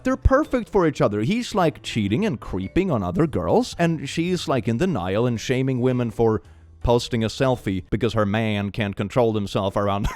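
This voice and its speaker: A man's voice: medium pitch, a little mellow. A young man giving sarcastic, comedic commentary while reading chat messages aloud and laughing often. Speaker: online commentator.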